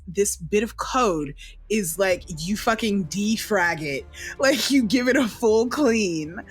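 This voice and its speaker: A woman running a tabletop game as dungeon master, narrating slowly in a casual, descriptive way. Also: lowish voice. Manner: slow, descriptive, casual swearing.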